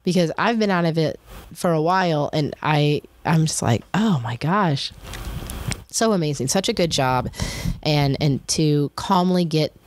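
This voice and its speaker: Low-voiced chatty woman. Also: normal speed, darkish tone. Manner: chatty and rambling, with many restarts and fillers. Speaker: podcast host. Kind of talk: casual podcast talk.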